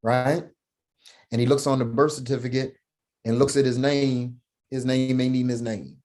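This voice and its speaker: A man's voice: medium pitch, little pitch movement, normal speed, darkish tone. A middle-aged man telling a personal story as a podcast guest, emphatic, often checking in with "right?" and "man".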